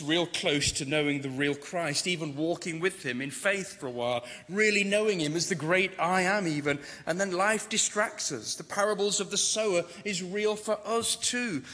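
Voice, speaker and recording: A man's voice: sits high, pushed and bright. Man preaching a sermon in a reverberant hall. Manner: dramatic, rising to emphatic declarations. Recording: long reverb of a large hall.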